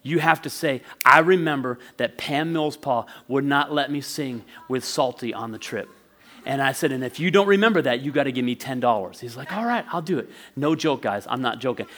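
A man in his forties preaching a sermon as pastor, telling a childhood story in a lively way and laughing often. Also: medium pitch, normal speed. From northwestern Pennsylvania.

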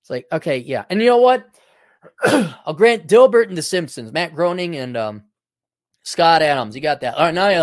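A man's voice: a little high, lively intonation, normal speed, dry recording, studio quality. A man hosting a talk show, in a rambling, casual commentary that is profane and full of restarts. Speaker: show host.

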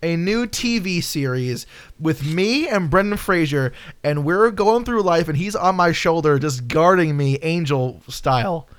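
Excitable, profane man podcast host. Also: unhurried, clear, resonant tone. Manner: excitable, profane, pitching ideas. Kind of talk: improvised comedy chat.

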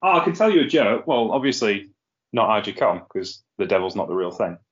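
A man's voice: on the low side, big pitch swings, a little fast. Rambling man hosting a podcast. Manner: chatty, rambling, laughs at own jokes. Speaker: podcast host. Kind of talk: casual podcast chat. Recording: lo-fi muffled sound.

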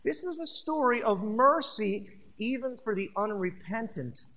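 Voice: mid-range voice, lively intonation, unhurried, bright, forceful tone. A pastor preaching a sermon, emphatic and conversational, talking straight to the congregation and repeating phrases for stress. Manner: addresses the congregation directly.

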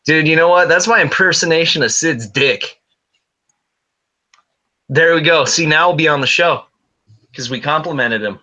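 Bright-voiced joking man. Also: on the high side, moderate pace, pauses often. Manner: crude, joking, profane banter. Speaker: podcast co-host. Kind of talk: casual chat.

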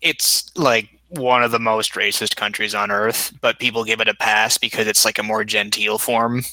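A man with a very bright, sharp voice gives blunt opinions in a casual podcast chat. His voice sits fairly low and sounds dry. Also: steady tone, normal speed, no room sound, poor audio.

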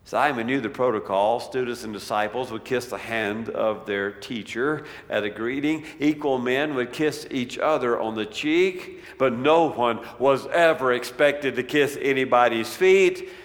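Male preacher, slow deliberate delivery, dramatic dynamics, large church with long echo. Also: medium pitch. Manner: dramatic swings from loud declaiming to near-whisper. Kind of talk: sermon. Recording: long reverb of a large hall.

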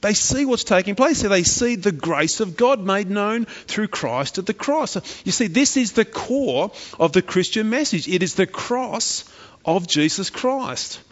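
Emphatic preacher with a high, lively voice. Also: male voice, a little slow. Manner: impassioned, emphatic, repetitive. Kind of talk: sermon. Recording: echoey hall, dull lo-fi.

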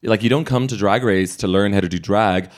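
A man's voice: lowish voice, fairly quick. A man co-hosting a podcast, chatting casually with snarky, cheeky asides and frequent laughter. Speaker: podcast co-host. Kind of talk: casual chat recapping a TV show.

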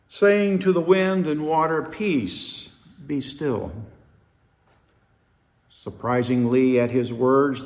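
Male preacher, slow dramatic sermon storytelling, long echoey hall. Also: medium pitch.

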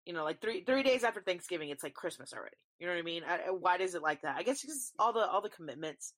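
A woman's voice: fairly low pitch, animated, fast talker, fairly bright tone. A young woman, chatting casually on her podcast, rambling and swearing freely. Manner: rambling, swears freely, talks to listeners as y'all. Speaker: podcast host. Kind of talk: casual solo chat.

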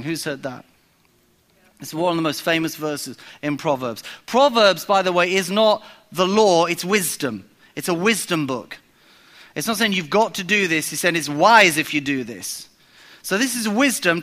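A man in his forties preaches a sermon in a relaxed, conversational way. His voice is high and clear, and he sounds bright and forceful. He stresses his points by repeating them and often restarts his sentences. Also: normal speed. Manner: conversational preaching with emphatic repetition and frequent restarts. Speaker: pastor.

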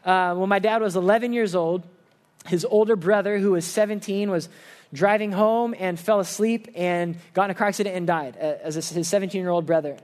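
A man with a notably high voice preaches to a church congregation. He speaks in a relaxed, conversational way and weaves earnest personal stories into the sermon. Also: brisk. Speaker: pastor. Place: church service.

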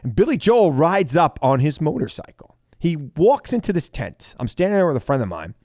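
A man's voice: a little high, very animated, moderate pace, warm tone, dry recording, clean studio sound. A man in his forties hosting a talk radio show, chatting casually and telling stories with enthusiasm.

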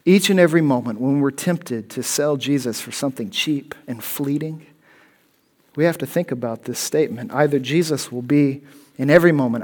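A pastor giving a sermon, repeating key phrases and building up to loud, pointed questions. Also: male voice, mid-range voice.

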